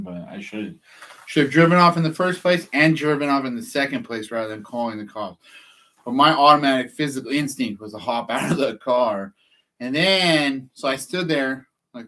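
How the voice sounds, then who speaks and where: A man's voice: medium pitch, fairly bright tone. A man from California, rambling through a casual story to the camera, swearing often and laughing at himself. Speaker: process server vlogger.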